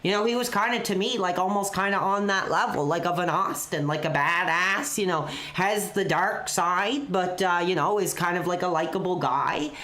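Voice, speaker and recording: A woman's voice: lowish voice, moderate pace, few pauses, a bit bright. A woman hosting a live call-in stream, talking in an earnest, emotional, rambling way full of "you know" and "like". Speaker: call-in show host. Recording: roomy echo.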